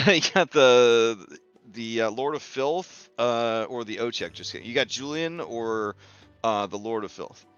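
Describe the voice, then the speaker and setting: A man narrating a tabletop game as its game master, easygoing and profane. His voice is bright and clean. The recording is a little dull, with soft music underneath. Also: mid-range voice, clear, resonant tone, no echo. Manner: casual, swears freely, quick asides.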